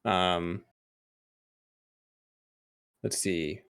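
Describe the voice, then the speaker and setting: Casting: male streamer, a bit low-pitched, chatty and teasing, laughs a lot. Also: steady tone, drawn-out words, creaky, a bit bright, clear, resonant tone. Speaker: streamer co-host. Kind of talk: casual chat.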